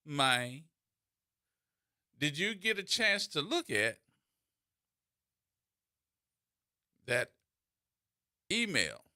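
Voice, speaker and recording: A man voicing a country-voiced fellow calling out to him on the street, drawn-out and insistent. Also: high voice, animated, sharp tone, pitched above the performer's own voice, exaggerated voice.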